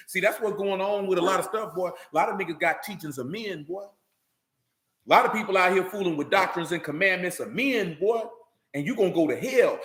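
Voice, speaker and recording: High, bright-voiced man preaching. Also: expressive, normal speed, roomy sound. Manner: emphatic, slangy, calls out to listeners. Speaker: Bible teacher. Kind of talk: scripture reading then casual preaching talk.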